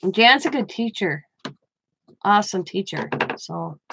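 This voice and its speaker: A woman's voice: mid-range voice, lively intonation, a little slow, gravelly. A chatty woman hosting a crafting livestream from her home. She talks casually to viewers by name, breaks off and restarts her sentences, and explains her steps as she goes. A faint hiss sits behind her voice. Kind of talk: casual live-stream chat.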